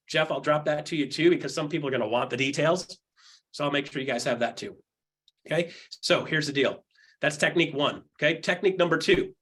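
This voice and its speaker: A middle-aged man coaching real estate agents on a video call, animated, acting out quotes in jumpy voices. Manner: animated, acts out quotes with jumps in pitch. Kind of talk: energetic coaching talk.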